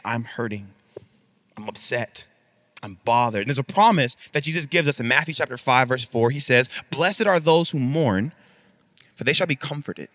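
A man preaching a sermon, telling a comic story in an animated, conversational way. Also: medium pitch, dry recording, clean studio sound. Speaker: pastor.

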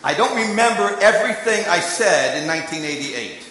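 A man giving a sermon, telling a story that swings between quiet asides and emphatic lines. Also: high voice, animated, fairly quick, a little hiss or hum. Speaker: preacher and candidate recruiter. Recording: echoey hall with long reverb.

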